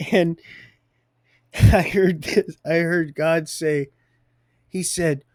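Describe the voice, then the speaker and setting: A man's voice: on the high side, fairly even intonation, extremely slow, a little mellow, no echo, clean studio sound. A man hosting a live stream, telling a faith story in a rambling way, often laughing mid-sentence and repeating his words.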